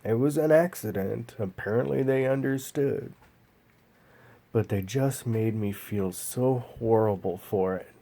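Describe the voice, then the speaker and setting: A man vlogging a personal story in a slow, halting, emotional way, pausing often. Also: lowish voice, creaky, warm tone.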